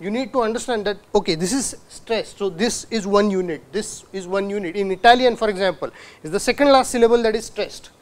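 A man's voice: high-pitched, brisk. Male lecturer asking rhetorical questions. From India. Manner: asks the audience rhetorical questions, demonstrates sounds. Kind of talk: university lecture.

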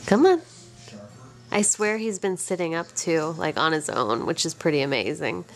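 A young mother filming her baby at home, coaxing him along in high sing-song baby talk. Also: animated, moderate pace, faint music behind.

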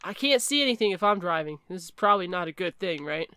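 A woman giving chatty, excitable commentary while playing a horror game and reading its text aloud. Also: fairly low pitch, quick pace, smooth, no echo, studio quality. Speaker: gaming video creator.

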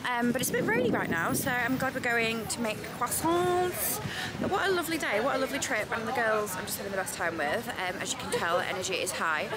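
A woman's voice: on the high side, expressive, quick pace, a loud crowd. Chatty, giggly English woman vlogger. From England. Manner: chatty, bubbly, laughs a lot mid-sentence. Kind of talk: casual vlog chat to camera. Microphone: handheld phone camera at arm's length.

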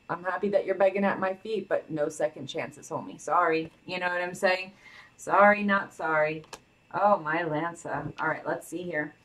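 A woman's voice: lowish voice, fairly bright tone, distant mic, rough recording. A woman giving a casual tarot reading to her viewers, chatty and sassy, full of "like" and "you know". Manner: sassy, chatty, heavy on fillers. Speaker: tarot reader.

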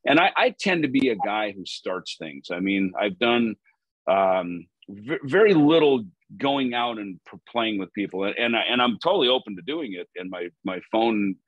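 A man's voice: moderate pace, dry recording, highs cut off. 50s rock guy chatting in an interview, lots of ups and downs in his voice, dry close sound. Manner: animated storyteller, lively pitch swings. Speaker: musician guest. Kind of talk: casual interview chat.

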